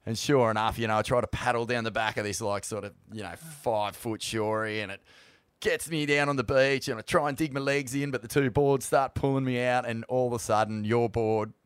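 A man's voice: mid-range voice, steady tone, a little fast, clear, resonant tone, no echo. A man hosting a podcast, chatting casually, swearing freely and laughing through his stories. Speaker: podcast host. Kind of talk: casual chat.

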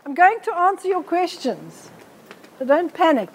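A woman's voice: extremely high pitch, big pitch swings, moderate pace, noisy background. A middle-aged woman, giving a blunt, forthright live health talk to an audience on a handheld mic. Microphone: handheld microphone.

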